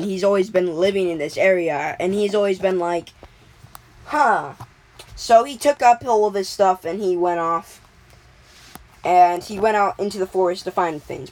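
A woman's voice: mid-range voice, darkish tone, poor audio. A woman casually making up a story as she goes, rambling with lots of fillers and restarts.

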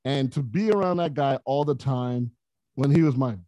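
A man, a podcast guest, telling stories in a casual, animated way, often laughing as he talks. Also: medium pitch, normal speed, dry recording, dull audio. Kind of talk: casual storytelling.

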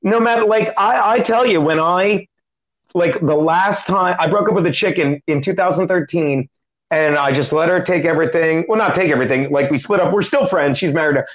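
A middle-aged male comedian telling a long story in an interview, with animated, quick joking delivery and acted-out quotes. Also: a little high. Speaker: comedian guest. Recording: dull lo-fi sound.

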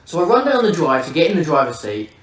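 Podcast host, man, lively profane storyteller, slightly high voice, echoey room, mic set back. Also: fast talker. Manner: vivid, swearing, comic storyteller. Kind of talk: casual storytelling. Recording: roomy, distant mic.

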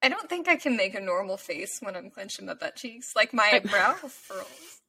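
A woman's voice: mid-range voice, sing-song, normal speed, sharp tone, breathy edge. A woman, telling stories in casual podcast chat as a co-host. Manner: chatty, enthusiastic storyteller.

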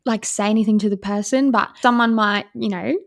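A woman's voice: medium pitch, steady tone, brisk, gravelly, no echo. A young woman co-hosting a podcast in casual chat, friendly and supportive. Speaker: podcast co-host.

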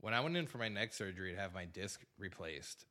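A man co-hosting a podcast, chatting in a relaxed, conversational way. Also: deep voice, quick pace. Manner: relaxed, conversational, brief backchannels. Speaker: podcast co-host. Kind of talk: casual chat.

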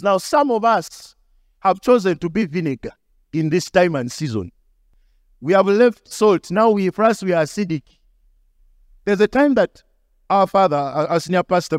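A young male pastor preaches through a personal story, his high voice leaping up and down as he acts out each line. The sound is dry and close. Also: dry recording. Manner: animated, acts out dialogue with shifting pitch. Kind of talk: storytelling sermon.

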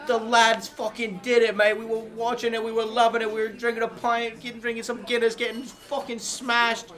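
A man voicing a distraught young male English football fan reporting from London, with a put-on London accent, swearing and excitable. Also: very high-pitched, brisk, pitched above the performer's own voice.

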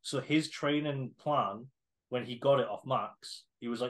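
A man's voice: medium pitch, unhurried, fairly bright tone, low-quality recording. Laid-back man. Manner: laid-back, swearing, hesitant fillers. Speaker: podcast co-host. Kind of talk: casual podcast chat.

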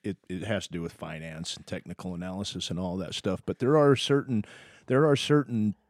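Low-voiced male podcast host, friendly. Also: fairly quick, dry recording. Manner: friendly, brief affirming replies. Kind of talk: casual religious discussion.

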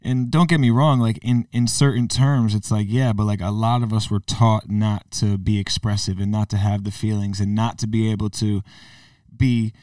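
A man's voice: fairly low pitch, fairly even intonation, normal speed, a little mellow, no room sound. Rambling man on a distant, dry mic. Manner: rambling, heavy on filler words and restarts. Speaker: podcast co-host and musician. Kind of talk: casual chat.

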